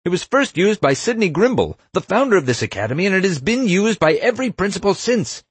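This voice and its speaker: A shrill, shrieking pompous principal in a storybook reading, piercingly high. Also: male voice, sing-song, normal speed, husky, no room sound, heavily acted. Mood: enraged. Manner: shrill, screeching outbursts. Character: shrieking enraged pompous middle-aged school principal.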